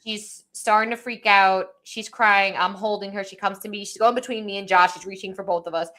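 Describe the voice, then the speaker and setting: A young woman talking casually on a live podcast, retelling a story about her toddler. Her pitch sits mid-range. She strings the story together with frequent "like"s and acts out what was said. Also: steady tone, brisk, fairly bright tone. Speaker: podcast co-host. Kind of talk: casual chat.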